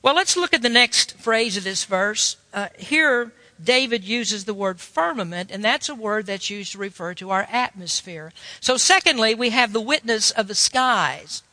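A preacher with a high, bright voice delivers a sermon, folksy and emphatic as he spins a story for listeners, animated at normal speed with hardly any pauses. The sound is dry and close but trails off into a long hall reverb.

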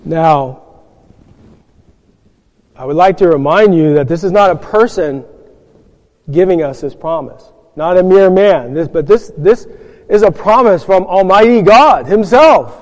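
A man's voice: sits high, unhurried, long pauses, a little mellow, in a large hall. A man preaching a sermon, earnest and reading scripture, asking his listeners rhetorical questions along the way.

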